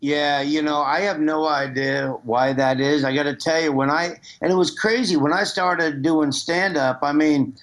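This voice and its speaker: Middle-aged Nebraska-raised man, phone-in guest, rambling chat, slightly high pitch. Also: fairly even intonation, moderate pace, hardly any pauses, a bit bright. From Nebraska, USA. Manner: rambling, with restarts. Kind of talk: casual phone conversation.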